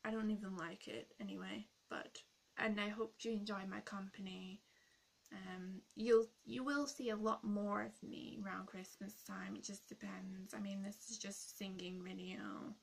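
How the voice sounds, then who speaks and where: A rude young woman who hates Christmas sneers at her viewers in a gravelly, fry-edged voice, played by a woman. She is sarcastic and mocking, a role-play character in a vlog. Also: mid-range voice, unhurried. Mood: sulky.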